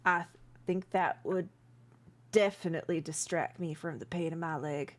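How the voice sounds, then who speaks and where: A woman's voice: on the low side, fairly even intonation, normal speed, lightly acted. Woman doing a shy, nearly blind old helper man. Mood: bashful. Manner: timid and eager to please. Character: shy old male helper with cloudy eyes.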